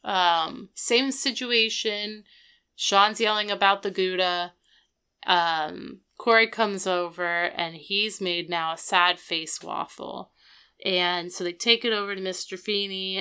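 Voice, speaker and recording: Woman, podcast co-host, bright tone, smooth clear voice, blunt casual recap chat. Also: mid-range voice, fairly even intonation, slow. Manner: blunt, offhand opinions.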